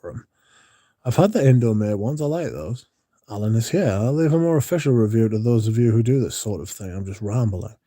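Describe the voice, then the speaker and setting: A man's voice: fairly low pitch, expressive, a little fast, warm tone. A man, hosting a livestream and chatting casually with his chat in a drowsy, rambling way. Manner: drowsy, yawning, mumbles at times. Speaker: livestream host reading chat.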